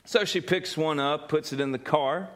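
A man's voice: on the high side, normal speed. A man preaching a sermon in a folksy way, with frequent restarts and an earnest turn after a joke. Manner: folksy, repetitive restarts, tells a joke then turns earnest.

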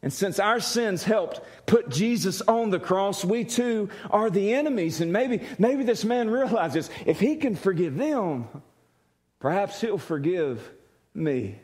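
A man's voice: high-pitched, animated, a little slow, darkish tone. A man preaching a sermon, telling a story and acting out the voices in it. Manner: storytelling, acts out voices with laughter. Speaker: pastor.

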